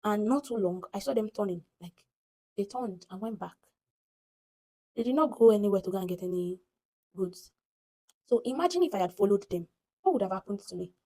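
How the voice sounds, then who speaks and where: A woman with a Nigerian accent tells a story casually to her phone camera, animated and dramatic, acting out the voices she quotes. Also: mid-range voice, a little fast, pauses often, low-quality recording. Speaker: vlogger.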